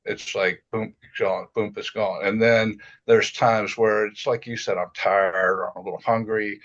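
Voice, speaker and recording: A man in a reflective casual chat, speaking haltingly and restarting often as he searches for words. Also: on the low side, steady tone, fairly bright tone, lo-fi sound. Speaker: self-inquiry group member. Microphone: video call.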